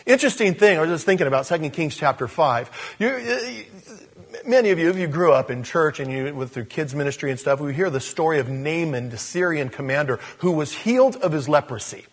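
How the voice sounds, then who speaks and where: Husky, animated male preacher. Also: fairly high pitch, fairly quick, long reverb tail. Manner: animated storytelling, acting out scenes. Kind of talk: sermon.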